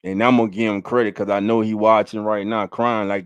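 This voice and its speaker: A man hosting a casual fan livestream. He talks emphatically, repeats key lines for punch and gives shout-outs to viewers in the chat. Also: fairly low pitch, steady tone, fairly quick, hardly any pauses, smooth, dry recording. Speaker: fan show host. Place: home livestream setup.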